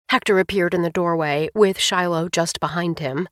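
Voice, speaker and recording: A woman's voice: on the low side, normal speed, hardly any pauses, dry recording, studio quality. Emotive woman narrating a novel. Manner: emotive, expressive reading. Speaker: audiobook narrator. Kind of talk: first-person novel narration.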